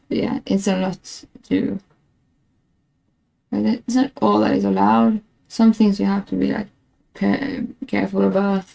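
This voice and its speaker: A woman's voice: medium pitch, creaky, warm tone, poor audio. A woman streamer chatting casually and rambling, laughing at herself while frustrated with her stream setup. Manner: rambling, self-mocking, laughs often; frustrated with tech. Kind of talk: casual live-stream chat.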